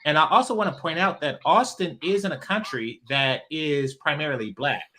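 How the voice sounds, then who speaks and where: A man from California hosting a casual debate, measured but insisting on finishing his point. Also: a little high, sharp tone, a little hiss or hum.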